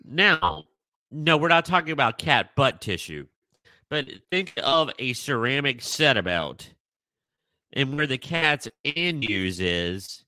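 Casual male co-host, unhurried and bouncy, bright clear tone, giggles through it. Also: mid-range voice, animated, no room sound. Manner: laughs often, playful. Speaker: podcast co-host. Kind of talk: casual chat.

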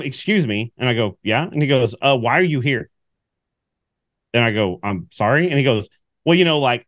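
A man co-hosting a casual sports podcast, telling a story with lively acted-out quotes. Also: medium pitch, no echo, clean studio sound. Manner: animated storyteller, acts out quotes. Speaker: podcast co-host.

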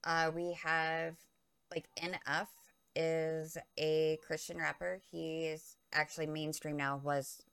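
Female podcast co-host, notably low voice, rambling casual chatter. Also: level tone, slow, gravelly, a bit bright, clear, resonant tone, no echo. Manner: chatty, loses her train of thought. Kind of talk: casual chat.

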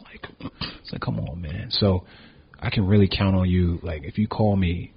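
A man's voice: deep voice, fairly even intonation, normal speed, slightly rough, highs cut off. A man guesting on a podcast, laid-back and teasing, laughing along in casual conversation. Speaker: guest actor. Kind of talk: casual chat.

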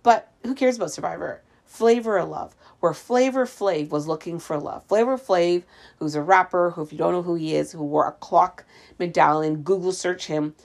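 A woman's voice: on the low side, normal speed, creaky. A woman from Canada chatting casually to camera in a sarcastic, ranting way, in a room with the windows open. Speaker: vlogger. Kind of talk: casual chat.

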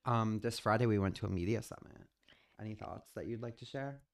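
A young woman hosting a podcast from her bedroom, hoarse today, blunt and joking with casual swearing. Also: rumbling low, a little fast, darkish tone. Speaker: podcast host. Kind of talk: casual chat. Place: own bedroom.

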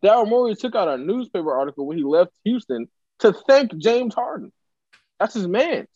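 A man co-hosting a casual sports talk show, ranting and jumping high in pitch when he gets worked up. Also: sing-song, normal speed, a little mellow, husky, dry recording, highs cut off. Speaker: podcast co-host.

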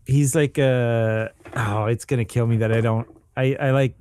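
A man's voice: medium pitch, steady tone, moderate pace, a little mellow, a little hiss or hum. A man co-hosting a casual podcast chat, rambling and searching for words with lots of fillers. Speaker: podcast co-host. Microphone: home microphone on a call.

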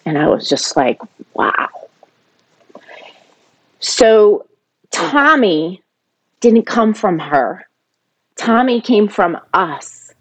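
A middle-aged woman with a lilt recounts her family's past in an easy, personal way. Her voice sits at an ordinary pitch and climbs sharply in the emotional moments. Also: very animated, slow, breathy edge. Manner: emotional, rising sharply when quoting her younger self. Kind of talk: personal storytelling.

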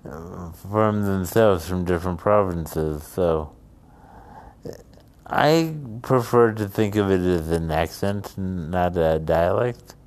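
A man's voice: low voice, slow pace, darkish tone. A man from the United States telling a casual story and rambling into musings. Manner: rambling, drifts between anecdote and musing.

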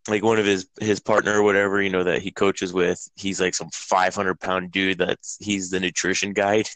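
A man chatting casually on a podcast, telling a story with lots of cursing and acting out the lines. His voice sits on the low side. The sound is dry and close to the mic. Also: normal speed, no echo, low-quality recording. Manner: profane, animated storytelling, acts out quotes. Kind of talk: casual chat.

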